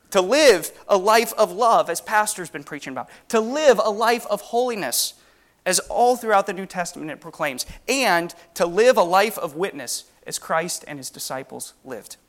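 A man's voice: sits high, a bit bright. Earnest man preaching a sermon. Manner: earnest, emphatic, rhetorical questions.

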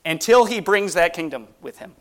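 A man's voice: sits high, animated, moderate pace. A man preaching a sermon on the Lord's Supper, earnest and emphatic, asking the congregation rhetorical questions.

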